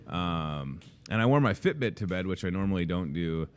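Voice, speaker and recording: A man's voice: deep voice, animated, moderate pace, clear, resonant tone. A man in his thirties hosting a casual show from a grocery store café, jokey and rambling. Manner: jokey, rambling, self-deprecating. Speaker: host. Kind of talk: casual chat.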